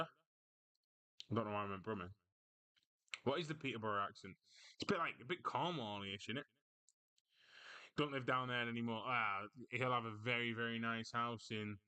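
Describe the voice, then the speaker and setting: Bright, crisp-voiced chatty football streamer. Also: male voice, medium pitch. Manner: chatty, reads out viewer comments and answers them. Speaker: livestream host. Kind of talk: casual football chat livestream.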